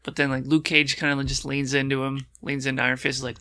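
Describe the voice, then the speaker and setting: A man's voice: mid-range voice, level tone, quick pace, sharp tone, no room sound. A man co-hosting a podcast in easygoing casual chat, often answering briefly. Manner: easygoing, with short replies. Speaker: podcast co-host.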